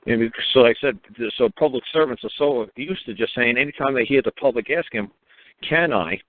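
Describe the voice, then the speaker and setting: A man telling stories in a casual monologue, animated and swearing freely as he acts out the people in them. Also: medium pitch, brisk, dry recording. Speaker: talk show guest speaker. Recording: tinny phone line.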